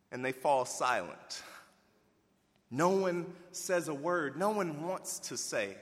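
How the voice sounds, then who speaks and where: A man preaching a sermon, animated and folksy, swinging between loud emphasis and hushed asides. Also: high voice, a little slow, in a large hall. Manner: folksy, addresses listeners as y'all.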